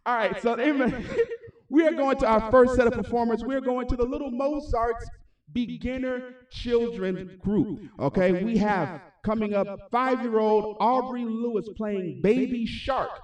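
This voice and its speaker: A man hosting a livestreamed recital as the music school's founder, with energetic, repetitive hype-man talk. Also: very high-pitched, moderate pace, far from the mic. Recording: echoey room, voice off-mic.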